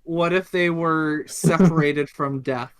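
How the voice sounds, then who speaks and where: A man's voice: fairly high pitch, fairly even intonation, slow pace, a bit bright, clear, resonant tone, dry recording. A man playing a tabletop game, asking strings of questions in a casual way. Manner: inquisitive, strings questions together. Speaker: player.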